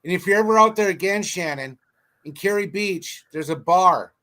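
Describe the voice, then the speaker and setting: A man with a high voice spins a casual anecdote. He talks loosely and with animation, the way you would with friends. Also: moderate pace. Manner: chatty storyteller, animated. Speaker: podcast co-host.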